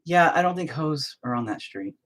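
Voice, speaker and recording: A man's voice: fairly high pitch, expressive, moderate pace, a bit bright. A middle-aged man hosting a painting video, chatting casually and ranting with heavy profanity in exasperation. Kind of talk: casual chat while painting.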